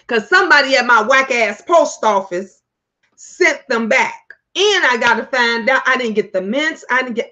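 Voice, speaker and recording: A woman hosts a casual livestream, speaking in a high, bright voice. She is loud, playful and profane, and breaks into laughter often. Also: lo-fi sound. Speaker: livestream host.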